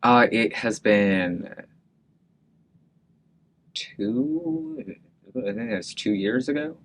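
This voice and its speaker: A man's voice: medium pitch, huge pitch swings, extremely slow, creaky, slight background noise. A man in his thirties telling a personal story in an oral history interview, with many fillers and restarts and frequent laughter. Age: 30s.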